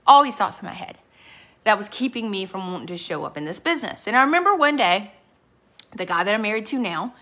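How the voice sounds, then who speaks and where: Her medium-pitched voice sounds pushed and bright as this middle-aged direct sales team leader runs a motivational training. She speaks straight to the room, sharing earnest stories with quoted lines.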